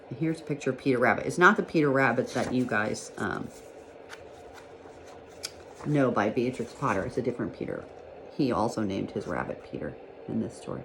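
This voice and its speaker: A woman teacher with a low, warm voice reads a children's storybook aloud. She tells it in a gentle, expressive way. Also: brisk, pauses often, slight background noise.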